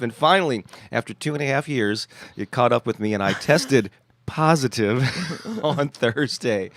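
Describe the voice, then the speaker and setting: A man hosting a casual live stream, slightly nasal with a scratchy, congested throat, talking in a halting way with many restarts and chuckles. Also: medium pitch, no echo. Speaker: host.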